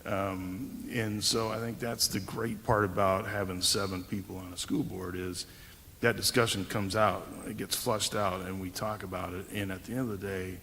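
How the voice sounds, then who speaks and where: A man's voice: deep voice, level tone, normal speed, bright, forceful tone. A man answering as a school board candidate at a forum, rambling through restarts and tag questions like "right?". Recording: gravelly voice in hall reverb, faint hum.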